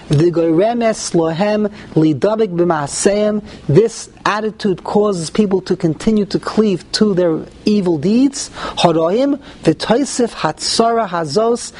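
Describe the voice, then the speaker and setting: A man teaching a Talmudic-style lesson, mixing English with Hebrew and Yiddish terms and rising sharply on key points. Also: high voice. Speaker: Torah teacher. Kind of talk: Talmudic lecture.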